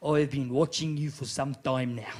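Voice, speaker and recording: A man voicing a creepy South African suitor who speaks slowly and intensely, with a South African accent. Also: medium pitch, fairly even intonation, very noisy, voice pushed down, natural voice. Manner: slow, intense, solemn.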